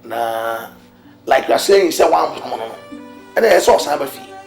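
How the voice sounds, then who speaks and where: Brief: a reasoning pastor, lively inflection, echoey room. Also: medium pitch, normal speed, gravelly. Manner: persuasive, reasoning, lively intonation. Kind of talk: Ghanaian film drama dialogue. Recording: echoey room with faint music.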